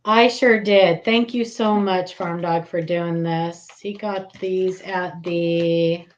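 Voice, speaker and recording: A woman hosting a casual live stream, giggly and excitable, greeting viewers by name. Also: fairly low pitch, slow pace, highs cut off.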